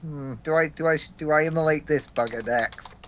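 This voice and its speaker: A man playing in a tabletop game, joking and excitable as he talks. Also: a little high, normal speed, a little hiss or hum. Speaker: player. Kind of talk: casual tabletop play.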